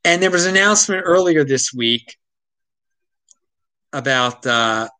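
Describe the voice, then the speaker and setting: A man's voice: mid-range voice, lively intonation, unhurried, bright, forceful tone, rough recording. A man hosting his own show, delivering a casual, exasperated opinion monologue full of restarts, from the Baltimore area. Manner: ranting, exasperated, frequent restarts. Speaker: show host.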